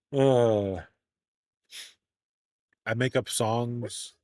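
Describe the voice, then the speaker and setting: A man's voice: medium pitch, a little mellow, no echo, clean studio sound. A man streaming a game live, commenting in a playful, jokey, self-mocking way.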